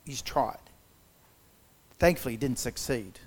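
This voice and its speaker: A man's voice: medium pitch, measured pace. A man giving a personal testimony, retelling events conversationally and acting out the quotes.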